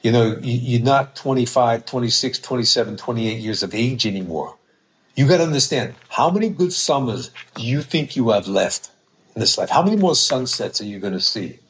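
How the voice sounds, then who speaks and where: A man's voice: medium pitch, animated, moderate pace, close to an everyday voice, low-quality recording. A man voicing a know-it-all male gym trainer with a Brooklyn accent, lecturing bluntly.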